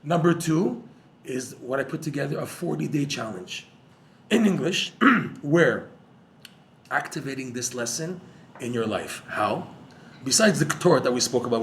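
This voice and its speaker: A man giving a lively Torah class to a live audience, joking and using Hebrew terms. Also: medium pitch, slight background noise. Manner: animated, jokey, uses Hebrew terms. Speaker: Torah teacher.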